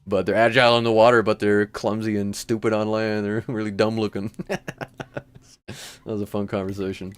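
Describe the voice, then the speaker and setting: A Michigan man with a Midwestern American accent hosts a livestream, chatting casually with viewers, rambling and laughing a lot. His lowish voice is smooth and level-toned, and he talks fairly quickly.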